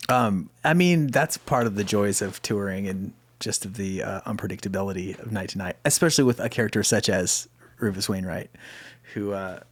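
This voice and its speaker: A man's voice: fairly low pitch, moderate pace. A man hosting a podcast interview, chatting casually and answering with short, enthusiastic reactions. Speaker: podcast host.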